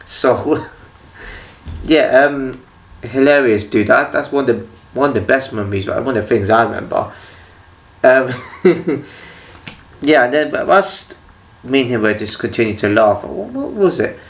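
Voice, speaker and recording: A man's voice: medium pitch, animated, unhurried, gravelly, long pauses. A young man from England telling rambling stories, laughing often as he goes, recorded from some distance away from the mic. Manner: rambling, laughs often mid-story, restarts and trails off. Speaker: vlogger. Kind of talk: casual storytelling monologue.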